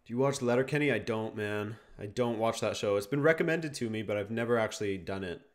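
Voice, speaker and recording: Talking quickly in a low voice, a laid-back young man chats his way through a match on a live stream. He answers viewer questions as he reads them and reacts to the action.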